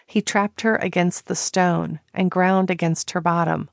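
A woman narrating an audiobook in slow, even storytelling. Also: on the low side, vocal fry, dry recording, clean studio sound. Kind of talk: scripted narration.

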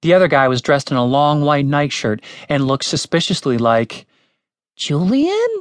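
A man reading a comic fantasy audiobook in a lively storytelling manner. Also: medium pitch, normal speed, clear, resonant tone, dry recording. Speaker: audiobook narrator. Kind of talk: scripted comic fantasy narration. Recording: dry studio recording.

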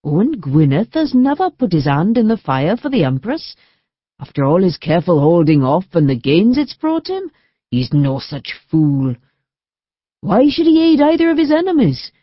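A woman voicing a shrewd, calm older male monk who speaks in a measured, reassuring way. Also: medium pitch, dry recording, voice pushed up. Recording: dull dry studio recording.

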